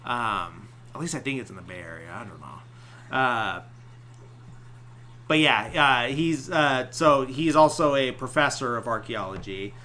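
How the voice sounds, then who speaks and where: A man's voice: medium pitch, lively intonation, unhurried, bright, forceful tone, a little hiss or hum. A man hosting a podcast, casually retelling a movie plot with lots of fillers. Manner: rambling, many filler likes. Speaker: podcast host. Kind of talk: casual film recap.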